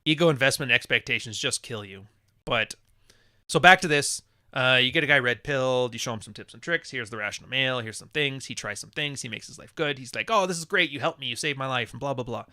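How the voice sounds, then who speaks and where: A man's voice: mid-range voice, a little fast, pushed and bright, smooth, dry recording, clean studio sound. A man hosting a live podcast, reading chat messages and talking in a blunt, profane, wisecracking way. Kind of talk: casual livestream monologue.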